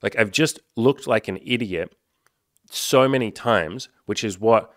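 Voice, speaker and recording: Frank low-voiced male coach, dry sound. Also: measured pace, a bit bright, no echo. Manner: frank, swears freely, reflective. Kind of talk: candid self-help monologue.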